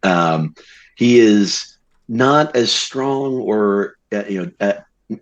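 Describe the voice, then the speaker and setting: A man's voice: lowish voice, animated, extremely slow. A man describing his tabletop character, rambling with restarts and fillers. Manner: rambling, laughing easily. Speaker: tabletop game player. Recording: dull lo-fi mic.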